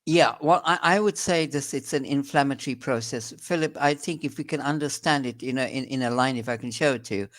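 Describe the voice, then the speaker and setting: A man's voice: medium pitch, fairly quick, hardly any pauses, fairly bright tone. A man with a South African accent, a doctor explaining in an interview, earnest and emphatic, often restarting his sentences.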